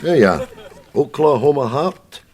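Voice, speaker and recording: Brief: cranky old Scottish pensioner, lively up-and-down voice, fond of cowboy books. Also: male voice, medium pitch, a little slow, a crowd in the background. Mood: bickering. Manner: grumbling, mocking banter.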